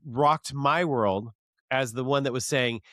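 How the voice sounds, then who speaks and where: A man's voice: medium pitch, measured pace, fairly bright tone, dry recording. A man in his thirties, a podcast guest who tells stories with energy and acts out past scenes. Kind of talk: casual storytelling interview.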